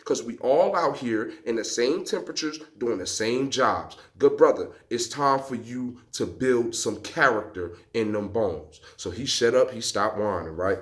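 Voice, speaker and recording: Guy on a rowing machine in his outdoor gym, chatting a story to viewers, big jumps in his voice when he acts out what folks said, middle-pitched. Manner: lively, emphatic storyteller, acting out quotes with big pitch jumps; rowing on an exercise machine while talking. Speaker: vlogger.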